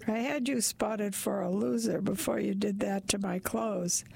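A woman's voice: mid-range voice, measured pace, vocal fry, mellow, breathy edge, no echo, exaggerated voice. A woman doing a huge, rude, angry man. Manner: insulting, scornful.

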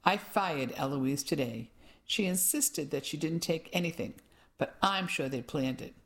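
A woman reading an audiobook, voicing a blunt, gossipy woman who runs a shop. She sounds brisk and dismissive. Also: sits low, animated.

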